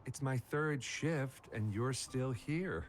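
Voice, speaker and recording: A man's voice: mid-range voice, takes it slowly, a little hiss or hum, natural voice. A man voicing a stern male soldier guarding a gate in a game, formal and firm. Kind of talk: game voice acting.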